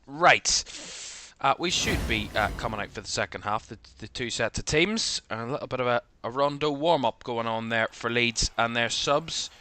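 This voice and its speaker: A man's voice: mid-range voice, normal speed, sharp tone, slight background noise. A man with a Northern Irish accent from Belfast, hosting live watchalong commentary in a rambling way, full of fillers. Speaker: host.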